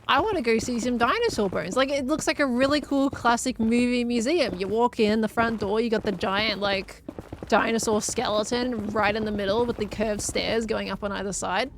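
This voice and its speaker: A woman's voice: a little high, steady tone, moderate pace, slight background noise. An Australian woman from Victoria chatting casually on a gaming live stream, laughing often and answering chat as she plays.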